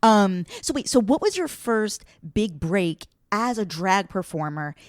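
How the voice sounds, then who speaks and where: A woman's voice: mid-range voice, big pitch swings, measured pace. Curious woman hosting a podcast. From South Shore of Long Island, New York. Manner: cuts in with eager, curious questions. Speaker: podcast host. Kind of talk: casual podcast interview.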